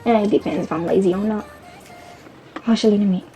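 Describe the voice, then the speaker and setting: A woman's voice: mid-range voice, fairly even intonation, brisk. A young woman chatting casually as a fashion vlogger, rambling and correcting herself as she goes. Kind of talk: casual chat. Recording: faint background music.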